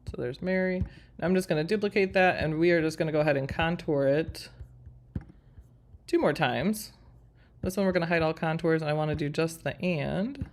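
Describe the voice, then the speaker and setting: A woman in her forties with a low voice speaks at a normal speed while hosting a live craft design stream. She works through a screen-share tutorial, chatting with viewers as if they were friends.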